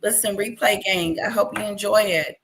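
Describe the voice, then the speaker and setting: A woman's voice: medium pitch, fairly even intonation, normal speed, a bit bright, a little hiss or hum. A woman chatting casually and loosely to her viewers. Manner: loose, easygoing talk to viewers. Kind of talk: casual chat.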